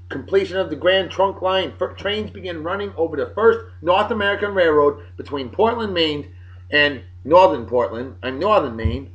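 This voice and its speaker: A man's voice: high-pitched, dull audio. Jokey, opinionated New man. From Massachusetts. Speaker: video blogger. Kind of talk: casual daily history rundown.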